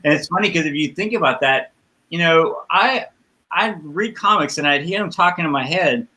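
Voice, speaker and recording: A man's voice: fairly high pitch, animated, normal speed, pushed and bright, low-quality recording. A man hosting a casual interview who asks rambling questions and searches for his words as he goes. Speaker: interviewer host. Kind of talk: casual conversation.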